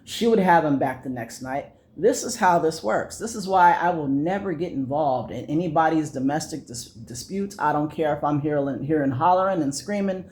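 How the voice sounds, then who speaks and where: A man's voice: fairly high pitch, normal speed, hardly any pauses, a little mellow. A young man vents in a loose, rambling rant, peppered with swearing. He restarts sentences and leans on fillers as he tells his story. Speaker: vlogger. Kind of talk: casual rant to camera.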